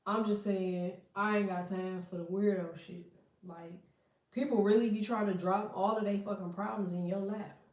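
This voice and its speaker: A woman reads tarot casually, bluntly and with plenty of swearing, breaking off into laughing asides. Her mid-range voice is steady and a little mellow at normal speed, recorded in an echoey room far from the mic.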